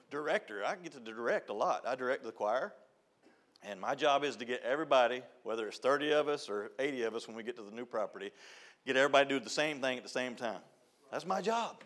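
A middle-aged man, preaching a folksy, joking sermon as a church youth director. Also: mid-range voice. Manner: storytelling, joking, shouts and laughs at punchlines. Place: church sanctuary.

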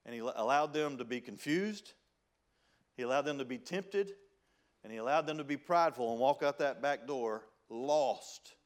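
Man, pastor, Southern country accent, sermon, folksy, reads scripture, loud then hushed. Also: medium pitch, moderate pace. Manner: folksy preaching, reads King James scripture; swings between loud emphasis and hushed pleading.

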